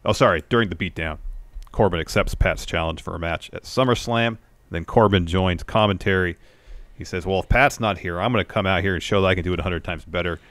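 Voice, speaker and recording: A man with a low voice co-hosts a wrestling podcast and recaps segments in a calm, matter-of-fact way. He speaks close to the mic, and the sound is dry with no room echo. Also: a little fast. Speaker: podcast co-host.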